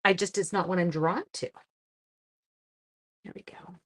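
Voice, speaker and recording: A woman's voice: lowish voice, steady tone, a little slow. A Canadian woman hosting a card-making live stream, chatting casually, greeting viewers by name and thinking aloud as she works. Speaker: card-making livestream host. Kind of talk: casual live-stream chat while crafting.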